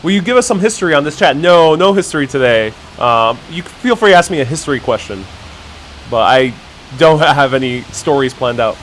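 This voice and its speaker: A man's voice: a little high, lively intonation, fairly quick, fairly bright tone, a little hiss or hum. A man hosting a casual live stream from a cafe, tasting food and chatting to viewers, thinking aloud with fillers and restarts. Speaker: live-stream city vlogger. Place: cafe in the city. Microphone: wireless clip-on mic.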